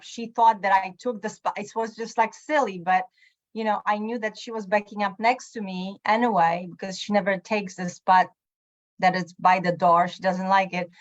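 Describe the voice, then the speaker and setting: Woman on a video call telling a story fast, does little voices for people, mid pitch, muffled sound. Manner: quick, acts out quoted voices. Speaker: live Q and A participant. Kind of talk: casual personal storytelling.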